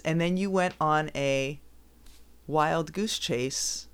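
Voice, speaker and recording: A woman's voice: low-pitched, measured pace, clean tone. Teasing woman podcast co-host. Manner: teasing, laughs often while talking. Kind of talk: casual chat.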